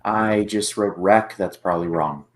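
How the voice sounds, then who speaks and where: A man's voice: lowish voice, measured pace. A man answering trivia questions casually, putting down his own guesses. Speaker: quiz contestant. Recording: loud crowd noise behind.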